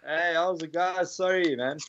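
A man's voice: on the high side, a little slow, fairly bright tone. A young man with a South African accent, chatting casually as a guest on a remote call in a laid-back way. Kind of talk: casual chat. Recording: dull remote call audio.

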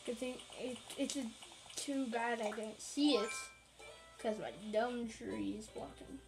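A woman's voice: on the high side, unhurried, vocal fry, over music, poor audio. A woman giving casual, rambling, playful commentary while playing a video game, with jokey asides. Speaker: gaming channel host.

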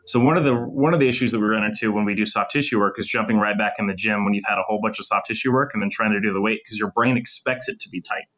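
A man with a lowish, fairly bright voice appears as a sports medicine doctor on a podcast interview. He explains injury and muscle function in depth, lecturing fast and technically with clinical terms.

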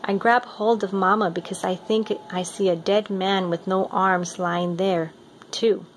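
A woman reading a picture book aloud in a steady, expressive storytelling manner. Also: medium pitch, unhurried, a little hiss or hum. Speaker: reader.

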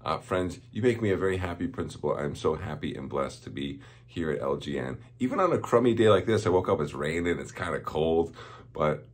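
A man's voice: low-pitched, expressive, brisk. A man, a school principal, giving cheerful morning announcements to students and chuckling at their jokes.

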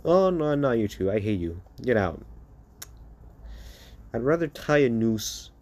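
A man's voice: mid-range voice, very animated, a little slow, a little mellow. A man voicing a bitter, rude teenage boy hero, sarcastic and swearing, in an improvised spoken fan story. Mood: hostile. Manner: sulky, profane, sarcastic.

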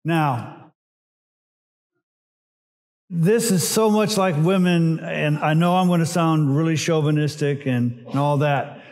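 A middle-aged man, a pastor, preaching a sermon in a relaxed teaching way with frequent "uh"s and side remarks. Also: on the high side, slow pace, pauses often. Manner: conversational teaching with asides and filler "uh"s.

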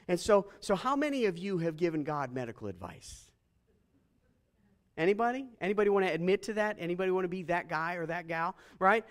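A man preaching a sermon as pastor, animated and joking, asking the congregation questions. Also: high-pitched, a little fast.

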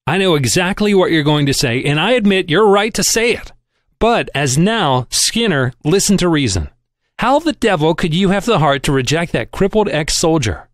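A man's voice: on the high side, lively intonation, moderate pace, no room sound, studio quality, natural voice. A man voicing a crusty, shrewd old shipping magnate who barks and chirps by turns, in an audiobook reading. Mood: scolding. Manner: barking, chirpy and teasing by turns.

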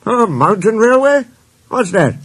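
Brief: cross, proud storybook engine, voiced by a man, high and loud, husky, dry. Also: very animated, a little slow, dry recording, heavily acted. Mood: indignant. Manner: much higher, loud, indignant. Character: grumpy proud male engine.

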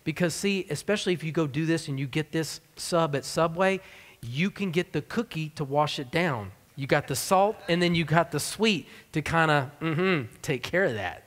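A man's voice: a little high, animated, moderate pace, a bit bright, big-room sound. A man preaching a sermon as pastor of a church, in a conversational, joking style. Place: church sanctuary.

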